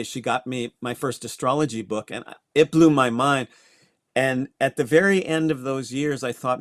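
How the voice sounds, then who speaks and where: A man's voice: mid-range voice, fairly bright tone, no echo, studio quality. An older man from Connecticut, a guest astrologer, telling his story in a reflective way with small restarts. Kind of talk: interview conversation.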